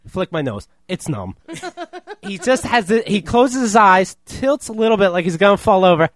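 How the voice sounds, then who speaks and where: A man's voice: high voice, fairly bright tone, no echo. A man co-hosting a casual podcast chat, telling stories animatedly and laughing often. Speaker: podcast co-host.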